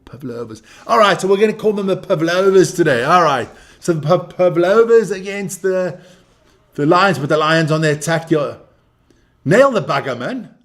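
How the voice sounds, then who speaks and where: A man's voice: high voice, expressive, moderate pace, a bit bright. A man hosting a live stream as he watches a rugby match, joking, swearing and chatting with viewers and with people in the room. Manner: brash, profane, joking banter.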